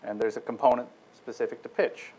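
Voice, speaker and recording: A man's voice: mid-range voice, steady tone, brisk, dark tone, breathy edge, poor audio. A man giving a technical lecture to an audience. He explains step by step, speaks directly to his listeners and often restarts his phrases. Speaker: guest lecturer.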